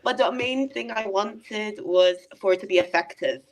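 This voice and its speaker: A woman filmmaker as a podcast guest, talking in a lively, laughing way with quick asides. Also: mid-range voice. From not from Britain. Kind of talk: casual podcast chat.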